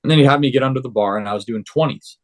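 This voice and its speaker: Casting: young adult man, podcast guest, animated storyteller with a mid-range voice. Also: medium pitch, very fast. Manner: animated, acts out quoted dialogue. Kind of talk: casual storytelling.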